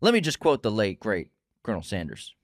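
Male podcast host, lowish voice, animated, quiz banter, dry mic. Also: fairly quick, dry recording. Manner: lively, quizzes his co-host. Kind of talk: casual chat, quiz questions.

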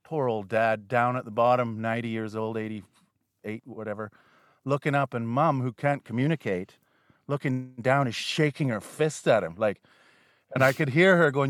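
A man's voice: medium pitch, normal speed, dry recording, studio quality. A man from Canada, a guest comedian in a casual podcast chat, rambling and swearing freely with a self-deprecating streak.

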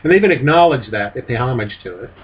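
A man's voice: medium pitch, lively intonation, breathy edge. A man in casual podcast chat, joking and acting out what people say. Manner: joking, quick to mock, acts out quotes. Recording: distant, dull lo-fi mic.

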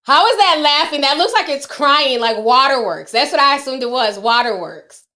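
A woman's voice: sits high, lively intonation, normal speed, sharp tone. A middle-aged woman hosting a casual livestream, chatting with her viewers and laughing often. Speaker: livestream host.

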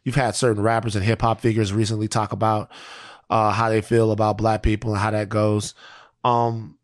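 A man's voice: on the low side, little pitch movement, moderate pace. A man co-hosting a podcast, talking earnestly and thinking aloud in casual chat. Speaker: podcast co-host.

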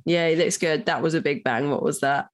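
A woman's voice: deep voice, a little fast. A woman co-hosting a podcast, chatting crudely and reading listener emails aloud. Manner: crude, giggly, animated. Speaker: podcast co-host. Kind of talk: casual podcast chat.

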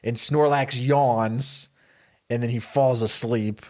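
A man in a casual podcast chat, spinning a story for his co-host. He slips into the characters' lines with quick, animated bursts, then drops back to his plain middle-pitched voice.

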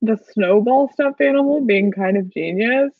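A slightly high-voiced woman co-hosts a podcast, chatting eagerly through a casual fan recap with quick asides and laughs. The lo-fi recording is dull and dry, with no echo.

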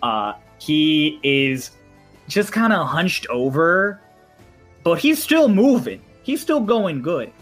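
A man narrating a tabletop game as game master, describing scenes in an unhurried way with small fillers. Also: a little high, big pitch swings, a bit bright, soft background music.

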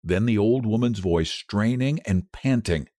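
Low, lively male storyteller. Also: no room sound, clean studio sound. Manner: measured, dramatic reading with lively pitch. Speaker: podcast host and narrator. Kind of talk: scripted storytelling narration.

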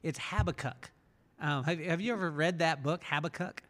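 A man hosting a conversational podcast, with a voice that sits fairly high. He tells stories with energy and slips into voices as he retells them. The room gives his voice a long, ringing reverb. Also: moderate pace. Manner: animated storyteller, acts out voices in retellings. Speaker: podcast host. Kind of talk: conversational interview.

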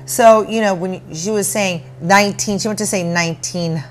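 A woman's voice: medium pitch, steady tone, normal speed, a little hiss or hum. A woman co-hosting a casual talk show, chatty and opinionated, ranting about things that annoy her. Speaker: podcast co-host. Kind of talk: casual chat.

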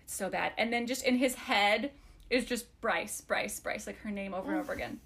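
A woman co-hosting a casual book chat, excitable and reading passages aloud. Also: mid-range voice, brisk. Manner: excitable, reads book quotes aloud, giggly. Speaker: book podcast co-host. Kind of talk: casual chat about a novel.

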